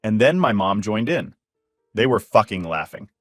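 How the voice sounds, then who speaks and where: A man with a fairly low voice tells a first-person story bluntly, with plenty of swearing and a hot, aggrieved edge. His voice is recorded dry and close, with faint music underneath. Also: sing-song, normal speed, dry recording. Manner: blunt, angry, swears freely.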